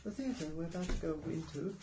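A man's voice: a little high, animated, brisk, reverberant, background noise. A man narrating playfully as game master of a tabletop game.

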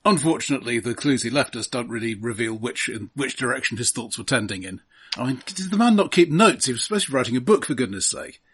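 A man's voice: mid-range voice, animated, fast talker, fairly bright tone, husky. A man playing a tabletop game, musing in character in a fussy, exasperated way. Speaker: player.

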